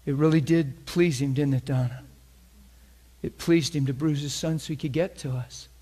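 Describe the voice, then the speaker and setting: A man preaching a sermon, telling a story with bursts of laughter and dropping to a hushed, reverent voice. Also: on the high side, moderate pace, husky. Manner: animated, laughs often, drops to a hushed tone for reverent parts.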